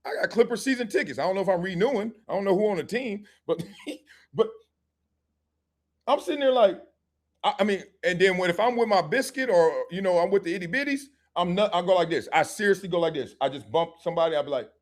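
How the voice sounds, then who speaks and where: A middle-aged man hosts a live sports talk stream with a high voice that swoops all over the place. He jokes, uses street slang and acts out scenes as he talks. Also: animated, quick pace. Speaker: host.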